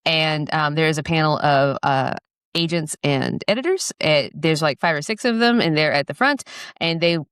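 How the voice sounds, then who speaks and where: Smooth-voiced chatty woman storyteller. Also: sits low, moderate pace, fairly bright tone, no room sound, studio quality. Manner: chatty storyteller with many fillers. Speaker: author guest. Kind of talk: casual podcast chat.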